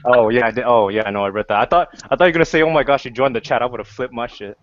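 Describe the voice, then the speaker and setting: An excitable man chatting on a livestream call, talking very fast at a middle pitch. The sound is slightly dull and muffled. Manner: excitable and quick. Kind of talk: casual livestream chat.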